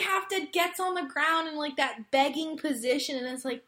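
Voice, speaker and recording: Bright, exasperated woman recapping a show. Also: high voice, normal speed, few pauses. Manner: exasperated, filler-heavy storytelling. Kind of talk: casual chat recapping a show.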